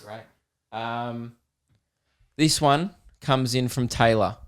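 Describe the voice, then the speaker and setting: An Australian man in his younger years hosts a casual comedy podcast. He reads listener messages aloud and riffs on them with dry, sarcastic jokes. His voice sits at an ordinary middle pitch for a man. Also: slow, clean tone. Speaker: podcast host.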